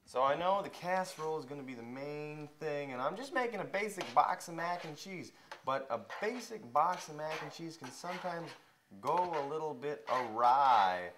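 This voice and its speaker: A man's voice: fairly high pitch, lively intonation, normal speed, background noise. A young man hosting a casual cooking video in a home kitchen, chatting viewers through each step.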